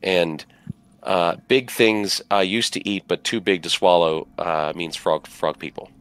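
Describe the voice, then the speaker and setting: A man's voice: low-pitched, steady tone, measured pace, fairly bright tone, smooth. A man narrating a tabletop game as game master, rambling along with many fillers and asides.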